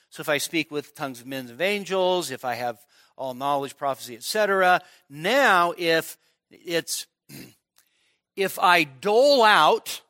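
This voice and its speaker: A male pastor gives a conversational expository sermon at a midweek service. He often pauses to check in with his listeners. His voice sits a little high and sounds bright, and the recording is dry and close. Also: dry recording.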